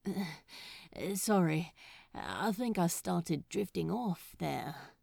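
A woman reading a story aloud and voicing a weary, self-mocking male demon in a soft, half-whispered voice. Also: fairly low pitch, expressive, drawn-out words, creaky, husky, dry recording, clean studio sound, voice pushed down, heavily acted. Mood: drowsy, hesitant.

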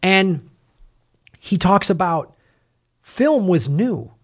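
Animated man retelling a film story. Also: high-pitched, drawn-out words. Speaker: podcast host. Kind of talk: casual film review chat.

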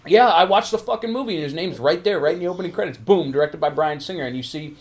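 A man's voice: fairly high pitch, quick pace, darkish tone. A man co-hosting a podcast, chatting casually with sarcastic, profane remarks while watching a show. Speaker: podcast co-host.

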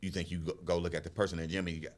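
A middle-aged man hosting a podcast in casual chat, telling stories with loud animated bursts that drop to low mumbles. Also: rapid-fire. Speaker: podcast host.

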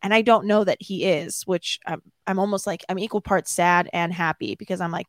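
A woman telling a self-mocking story as an interview guest, animated and laughing often. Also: lowish voice, fairly quick, few pauses, no room sound.

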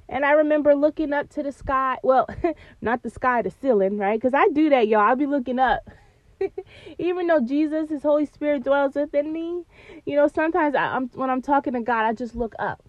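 A woman's voice: sits high, moderate pace, no room sound, muffled recording. Earnest woman podcast host. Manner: earnest, preacherly, addresses listeners as y'all. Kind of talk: faith-based podcast talk.

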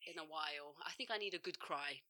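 A woman's voice: low voice, fast, pushed and bright. A young woman co-hosting a podcast, talking bluntly in casual chat, often laughing and swearing offhand. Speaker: podcast co-host.

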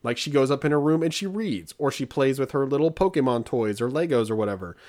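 A man's voice: medium pitch, lively intonation, fast, darkish tone. A man in his forties co-hosting a podcast, telling stories about his kids in a rambling, stop-and-start way. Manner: rambling, self-interrupting storyteller. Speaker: podcast co-host. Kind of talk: casual chat.

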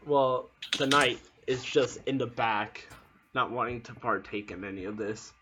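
A man narrating and refereeing a tabletop game, laughing and explaining rules, dropping to a soft voice for scene narration. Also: mid-range voice, a little slow, crowd noise. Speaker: game master. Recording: dull lo-fi sound with clear background noise.

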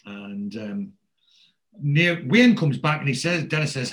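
Chatting casually, a man recounts a TV episode, hopping into higher, louder voices whenever he quotes a character. He's animated but in no hurry.

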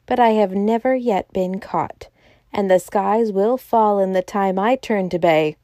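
A woman reading the lines of a huge, genial, riddling male president in a smooth, playful, mocking manner. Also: mid-range voice, measured pace, mellow, no room sound, clean studio sound, close to an everyday voice. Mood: grand.

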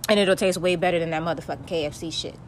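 A young woman with a lowish voice vents on her podcast in a blunt, profane, heated rant. She talks casually and tells her stories straight into the mic, with a faint hiss underneath. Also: fairly even intonation, very fast. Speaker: podcast host. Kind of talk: casual ranting monologue.

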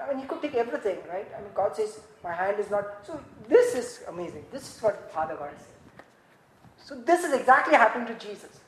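A woman preaching a sermon, swinging dramatically from hushed tones to shouting. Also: medium pitch. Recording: echoey room, faint ambient noise.

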